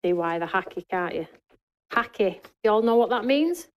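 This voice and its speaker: Working through a live craft demonstration in a studio, a woman hosts the show and talks with her viewers, answering their comments. She speaks at normal speed with a medium pitch and lively intonation.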